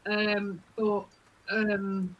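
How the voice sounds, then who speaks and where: A woman's voice: mid-range voice, level tone, drawn-out words. A woman playing a tabletop game in a casual, playful, teasing way. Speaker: player. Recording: dull lo-fi with faint noise.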